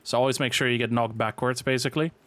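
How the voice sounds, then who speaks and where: A man's voice: mid-range voice, fast, dry recording. A man casually walking through a raid boss fight as a game guide, explaining at an easy pace with frequent fillers. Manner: relaxed, filler-heavy explaining.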